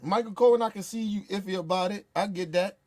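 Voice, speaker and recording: A man's voice: high-pitched, fast talker, darkish tone. A man ranting in profane, heated commentary, blunt and repetitive. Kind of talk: profane political rant.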